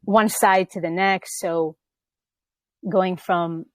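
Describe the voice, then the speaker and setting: A woman with a lowish voice talks through her ideas in an earnest, explaining way, often checking in with her listener. The sound is dry and close, with no room around it. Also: fairly even intonation, slow, no echo. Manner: earnest, explaining with frequent "right?" and restarts. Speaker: podcast host. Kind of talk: casual spiritual conversation.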